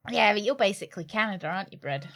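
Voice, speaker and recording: A woman's voice: mid-range voice, lively intonation, racing, vocal fry, a bit bright. A young woman with a British accent chatting playfully with her viewers while streaming a game. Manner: chatty, playful, teasing banter with chat. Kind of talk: casual let's-play chat.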